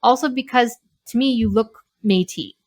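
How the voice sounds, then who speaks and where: A woman hosting a podcast, chatting candidly with a guest in a relaxed interview and laughing easily. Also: a little high, normal speed. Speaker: podcast host. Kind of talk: casual interview chat.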